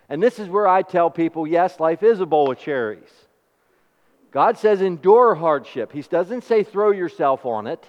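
A man preaching a sermon, asking the congregation questions and telling homely stories in an animated way. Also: high voice. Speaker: pastor. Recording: dull recording with long hall reverb.

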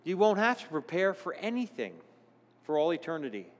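Male preacher, fairly high voice, earnest sermon delivery, drops soft then lifts to excited calls, long church reverb. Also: a little fast. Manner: earnest, swings between hushed and exclaiming.

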